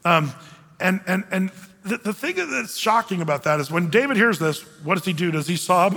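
A man's voice: high voice, moderate pace, creaky. A man preaching a sermon in a loose, conversational way, acting out the people he quotes. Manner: conversational, animated, acts out quoted voices. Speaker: pastor. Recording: long reverb of a large hall.

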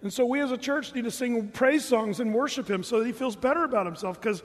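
A man preaching a sermon as pastor, animated and jokey, putting on mock voices to make his points. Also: very high voice, fast, hardly any pauses, in a large hall.

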